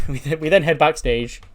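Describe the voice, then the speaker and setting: A game channel host with a fairly high voice and a measured pace runs through a wrestling sim game in relaxed let's-play commentary. Fillers and swearing come up constantly as he recaps.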